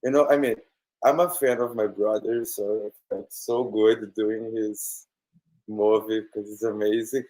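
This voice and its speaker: A man's voice: lowish voice, flat delivery, measured pace, warm tone, poor audio. A man from Brazil talking earnestly and hesitantly about his brother's film in a virtual Q&A. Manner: earnest, hesitant, many fillers. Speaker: film guest. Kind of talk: virtual Q&A conversation.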